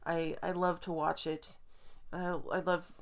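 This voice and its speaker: Lower-voiced chatty female podcast co-host. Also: flat delivery, measured pace. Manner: chatty, rambling, frequent ums and likes. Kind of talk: casual chat.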